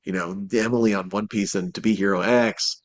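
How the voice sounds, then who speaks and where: A man's voice: fairly low pitch, brisk. Rambling man voice actor chatting. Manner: rambling, many restarts and fillers, animated quotes. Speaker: voice actor guest. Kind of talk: casual interview chat.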